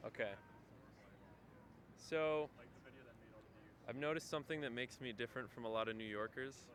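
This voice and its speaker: Bright-voiced man doing a stand-up bit. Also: mid-range voice. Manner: rapid, mocking delivery. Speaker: aspiring comedian. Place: outdoors on a city street.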